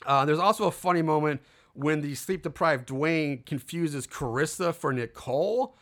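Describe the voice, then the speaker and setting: Talking at normal speed in a slightly high, slightly bright voice, a man recaps a film on his podcast. He rambles with lots of fillers and acts out what the characters say.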